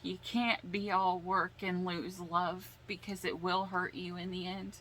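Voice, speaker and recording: A woman giving a casual tarot reading, slow and emotional, sighing and holding back tears as she explains the cards. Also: lowish voice, level tone, fairly bright tone, a little hiss or hum, poor audio. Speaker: tarot reader.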